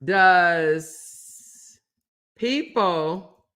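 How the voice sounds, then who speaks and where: A woman hosting a livestream. She chats casually with her viewers in an animated, teasing way and reads their comments aloud. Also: lowish voice, extremely slow, smooth. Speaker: livestream host. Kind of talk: casual chat with live viewers.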